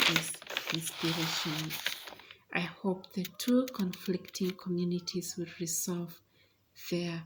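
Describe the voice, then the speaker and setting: A woman teaching an English pronunciation lesson, explaining deliberately with frequent pauses and fillers. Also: fairly low pitch, level tone, fairly bright tone.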